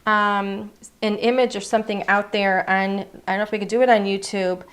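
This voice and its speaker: A woman at a middle pitch, chatting through a craft product showcase. She gushes over every piece and now and then trails off while searching for the right word. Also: little pitch movement, brisk, a bit bright. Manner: gushing, chatty, searching for words.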